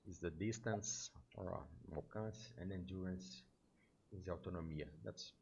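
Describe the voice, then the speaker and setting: A man's voice: low voice, unhurried, vocal fry, darkish tone, slightly rough, highs cut off. A Brazilian man teaching aviation English, patiently explaining and checking in with "okay?" often. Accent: Brazilian Portuguese. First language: Portuguese. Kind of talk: one-on-one online lesson.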